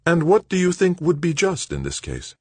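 A man voicing an indignant older woman in an audiobook, with a sharp, demanding tone. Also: on the high side, wildly swooping pitch, normal speed, slightly rough, dry recording, pitched above the performer's own voice, heavily acted.

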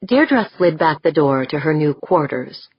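A woman reading an audiobook in a steady, measured narration. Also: low voice, breathy edge, no echo. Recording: slightly dull audio.

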